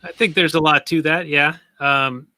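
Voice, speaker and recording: Bright, smooth-voiced man, calm. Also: on the high side, normal speed, no echo. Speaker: podcast co-host. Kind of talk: casual discussion.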